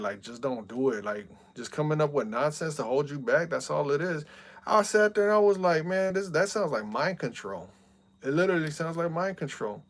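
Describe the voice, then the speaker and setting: Young male streamer, average pitch, talks loose and fired up, filler-heavy. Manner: heated, repeats "bro" and "man" a lot. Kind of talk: casual chat.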